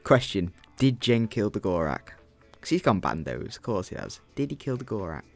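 A man's voice: on the low side, very animated, normal speed, vocal fry, music in the background. A young man co-hosting a gaming channel, commenting on his gameplay in a grumbling, exasperated rant.

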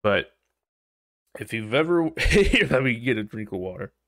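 A man's voice: medium pitch, big pitch swings, unhurried, a bit bright, no room sound, studio quality. A man hosting a casual solo podcast, rambling, swearing freely and laughing often. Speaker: podcast host.

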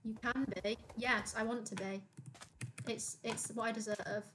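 A woman's voice: fairly high pitch, fairly even intonation, a little slow, background noise. A young woman streaming a game, chatting casually and reading chat aloud.

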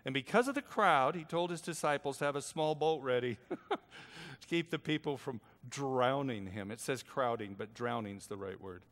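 Older preacher telling a story in a hall. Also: male voice, mid-range voice, lively intonation, moderate pace. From United States. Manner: dramatic, swinging between hushed and loud. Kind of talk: narrative sermon storytelling.

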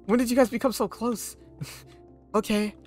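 A man in a Minecraft roleplay, excitable and laughing, trying to calm his friends. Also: very high voice, moderate pace, no room sound, soft background music. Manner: excitable, laughing, repeating words to calm others. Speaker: roleplay host. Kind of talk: Minecraft roleplay, in character as leader.

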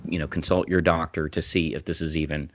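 A man's voice: very deep voice, little pitch movement, fairly quick, dry recording. A man co-hosting a casual podcast, talking in long rambling runs with many restarts that turn emphatic. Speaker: podcast co-host, former physician. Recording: dull dry remote mic sound.

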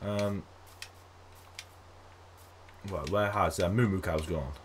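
A man giving casual let's-play commentary on a game, chatting to his viewers and coaxing animals along in a high sing-song voice. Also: slow, slightly rough. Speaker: gaming video host.

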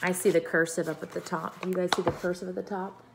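A woman teacher reading a chapter book aloud to her class, expressive and engaging. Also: fairly low pitch, fast, vocal fry, background noise.

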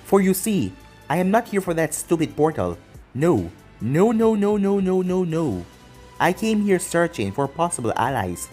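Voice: medium pitch, sing-song, moderate pace, a little mellow, faint music behind, close to an everyday voice. Narrator doing a cocky young ninja hero. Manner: cocky, taunting.

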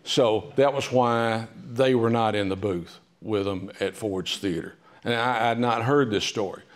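A man giving an author talk in a library, telling history stories in a chatty, humorous way with many pauses and "uh"s. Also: lowish voice. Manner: chatty, humorous, with frequent "uh" fillers. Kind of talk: casual storytelling talk. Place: public library meeting room.

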